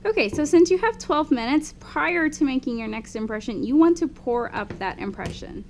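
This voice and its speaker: A woman's voice: high voice, animated, moderate pace, a little mellow, a little hiss or hum. Woman teaching a dental lab. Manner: explanatory, often checks in with "okay?". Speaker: dental instructor. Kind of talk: hands-on lab demonstration.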